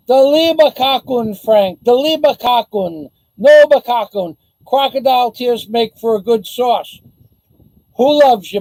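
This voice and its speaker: A man's voice: very high voice, a little mellow, dry recording, low-quality recording. A man vlogging to camera in a sarcastic, rambling, taunting way. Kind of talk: casual mocking chat to camera.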